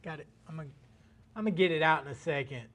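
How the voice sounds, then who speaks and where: A man's voice: a little high, rapid-fire, a bit bright. A man co-hosting a live-streamed recovery talk show, upbeat and playful, joking as he greets viewers. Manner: upbeat and playful, jokes and mimics. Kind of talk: casual live-stream chat.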